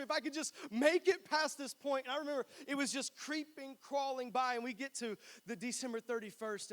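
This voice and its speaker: Young pastor from North Carolina, high voice, chatty and joking in the pulpit. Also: male voice, a little fast. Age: 20s. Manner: chatty, joking, animated storytelling. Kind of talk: sermon. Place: church.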